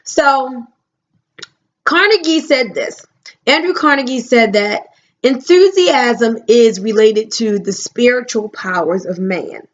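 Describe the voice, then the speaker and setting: A woman giving a motivational talk, emphatic, stretching her key words out slowly. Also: fairly high pitch, animated, dull audio. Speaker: motivational speaker.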